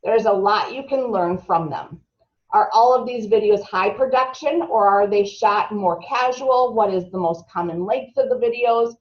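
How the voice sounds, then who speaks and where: A woman's voice: medium pitch, normal speed. A woman leads a marketing training in a room full of trainees. She talks in a chatty way, throws questions out to the group and sometimes trips over a word. The recording is dull and lo-fi. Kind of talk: live training talk to a group.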